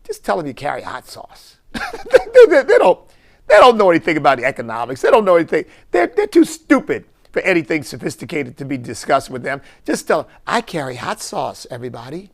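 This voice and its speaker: A man's voice: fairly high pitch, wildly swooping pitch, a little fast. A man, a bishop, giving impassioned preaching-style commentary full of rhetorical questions.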